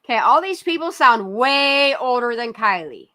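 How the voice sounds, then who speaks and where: Bright-voiced blunt woman commentator. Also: a little high, big pitch swings, moderate pace. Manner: blunt, profane, sarcastic. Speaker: channel host. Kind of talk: casual true-crime commentary over a video.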